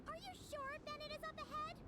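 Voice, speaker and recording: Paimon, a squeaky fairy sidekick. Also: female voice, fairly even intonation, fast talker, very noisy. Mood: queasy. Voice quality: squeaky, high-pitched. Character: tiny female fairy companion, chirpy and fretful. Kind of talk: game character dialogue. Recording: played-back game audio with loud background ambience.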